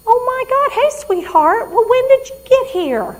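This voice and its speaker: A woman acting out an elderly mother with dementia, using a high, loud, urgent and pleading voice. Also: lively intonation, moderate pace. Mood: cheery.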